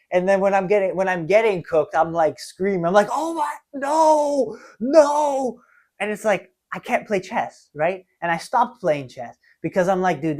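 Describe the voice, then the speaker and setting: A man's voice: fairly high pitch, darkish tone. A man of twenty hosting a solo podcast, talking earnestly and self-reflectively, often tagging his thoughts with "right?". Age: 20s. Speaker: podcast host. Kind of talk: solo confessional monologue.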